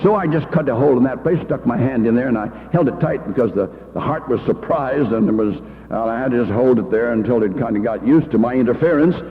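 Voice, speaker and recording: Older man telling folksy stories, gravelly. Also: mid-range voice, fast talker. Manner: anecdotal, homespun, fillers. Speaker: church education leader. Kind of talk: folksy storytelling talk. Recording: tinny old reel-to-reel in a hall.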